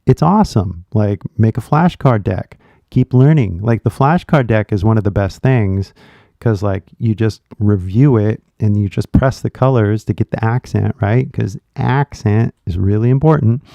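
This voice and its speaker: A man's voice: fairly low pitch, moderate pace, creaky, no room sound. A man with a Californian American accent, hosting his channel as an English teacher and rambling in casual chat straight to viewers. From California, USA. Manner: rambling, animated, talks directly to viewers.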